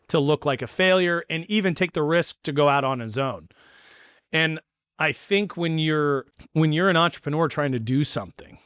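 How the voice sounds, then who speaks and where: A man hosting a podcast, telling a story in a casual chat and acting out the quotes with lively energy. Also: medium pitch, no echo, studio quality. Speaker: podcast host.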